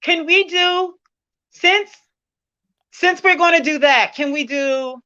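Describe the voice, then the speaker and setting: A woman hosting a casual live online chat, giggly and emotional, quick to tear up. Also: extremely high pitch, sharp tone, dry recording, dull audio. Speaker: host of an online community stream.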